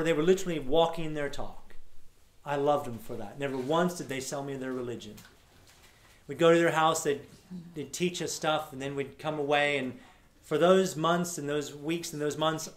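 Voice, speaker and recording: A man giving an energetic, casual storytelling talk to a live audience at an event. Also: fairly high pitch. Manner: energetic, casual, swears now and then. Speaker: workshop speaker. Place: large room at a live event. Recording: echoey room sound.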